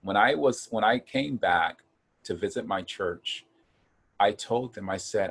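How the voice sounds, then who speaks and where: A man from Ohio earnestly telling a personal story of hard times in a casual chat, getting animated when he acts out quotes. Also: lowish voice, unhurried, slightly rough. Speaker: guest.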